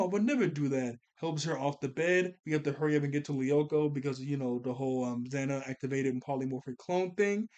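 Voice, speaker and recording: Young guy recapping a cartoon ep, kinda high voice, slangy, laughs a lot, super animated. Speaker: cartoon reviewer. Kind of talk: casual episode recap and review.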